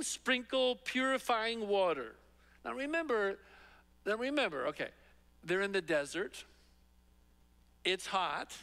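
Bright-voiced pastor preaching in a reverberant hall. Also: male voice. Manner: conversational, emphatic, drops low for quoted scripture. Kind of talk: expository sermon. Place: large church sanctuary.

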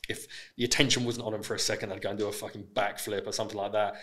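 Fast-talking Essex man, low voice. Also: level tone, fairly bright tone. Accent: Essex English. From England. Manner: frank, swears freely, many restarts. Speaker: podcast guest. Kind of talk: casual interview chat.

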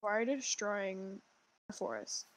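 A woman's voice: mid-range voice, sing-song, a little slow, noisy background. A woman chatting casually over voice chat while gaming, rambling with lots of likes and ums. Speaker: co-player and friend of the streamer.

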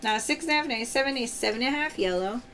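A woman's voice: on the high side, lively intonation, rapid-fire, a bit bright, slight background noise. A woman hosting a live-stream pearl sale, opening oysters and cheerfully calling out prizes and pearl sizes to viewers. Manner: upbeat, cheery, calls out prizes. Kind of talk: live-stream selling chat.

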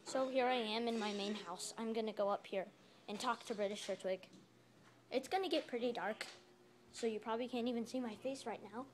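Woman vlogger, high and light voice, playful home-video ramble, calls out loudly at times. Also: fairly quick, background noise.

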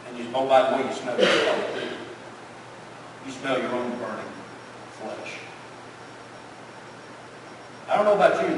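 A man preaching a sermon as pastor, emphatic, asking rhetorical questions and dropping to a hush. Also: mid-range voice. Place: church sanctuary. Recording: echoey church hall from far off, faint noise.

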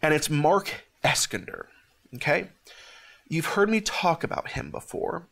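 A man hosting a ministry show, giving an emotional testimony in an earnest, halting way with many restarts, near tears. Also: a little high, creaky, a bit bright.

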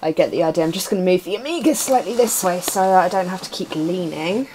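A woman's voice: on the low side, expressive, fast talker, dark tone, slight background noise. A young woman streaming a retro adventure game, joking with viewers as she types commands. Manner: playful, chatting to viewers while typing commands. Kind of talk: casual live-stream commentary. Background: keyboard typing.

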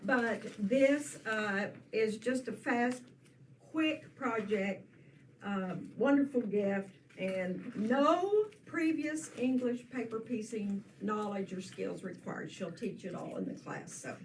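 Slow, unhurried woman presenting from afar. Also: mid-range voice, animated. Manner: slow, unhurried, with many fillers. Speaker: quilting class presenter. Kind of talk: casual class presentation. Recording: distant mic with room noise.

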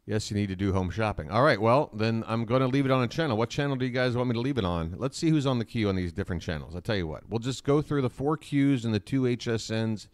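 A man's voice: medium pitch, expressive, quick pace, hardly any pauses. A man hosting a casual live stream from his laptop at home, rambling with self-mocking asides and reading out the chat.

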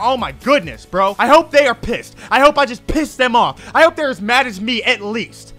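Young male gamer, very high bright voice, sweary rants and shouts over game music. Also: animated, brisk, hardly any pauses. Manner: swears often, swings between shouting rage and quiet grumbling. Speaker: gaming video creator. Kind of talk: live gameplay commentary.

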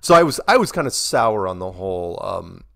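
A man's voice: low-pitched, big pitch swings, normal speed, gravelly, fairly bright tone. A middle-aged American man, a guest in an interview, telling long rambling stories with quoted dialogue and frequent restarts. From United States. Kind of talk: casual storytelling interview.

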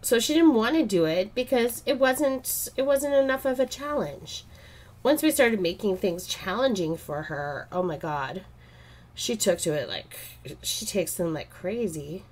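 A woman's voice: medium pitch, expressive, a little slow. A married woman chatting casually while she draws, rambling through stories and laughing often. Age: adult, married. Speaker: art vlogger. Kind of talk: casual chat while drawing.

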